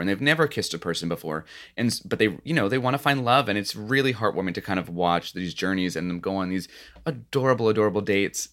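A man's voice: on the low side, fairly bright tone. A man in his thirties co-hosting a podcast in casual chat, rambling with many restarts and "you know"s. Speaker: podcast co-host.

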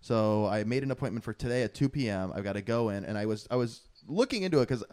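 A man's voice: fairly low pitch, lively intonation, fast, a little mellow. A young man hosting a casual podcast, joking, laughing often and rambling into asides, recording from his father's home office. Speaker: podcast host. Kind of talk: casual chat.

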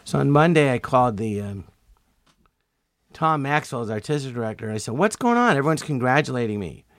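Man, 60s, lively raconteur who acts out quotes; dry, close mic. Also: mid-range voice, brisk, no room sound. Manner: animated storyteller, acts out quoted voices. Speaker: guest comedian. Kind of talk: casual storytelling interview.

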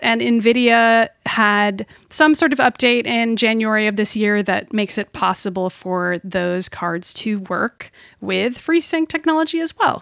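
A woman co-hosting a casual video game podcast, wry and quick to laugh. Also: a little high, a bit bright, dry recording, clean studio sound. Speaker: podcast co-host.

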